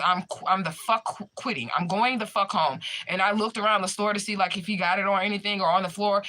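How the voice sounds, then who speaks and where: Her voice low-leaning yet bright and forceful, a young spiritual medium streamer tells her viewers a story in a relaxed chat. She's emphatic and swears as she goes.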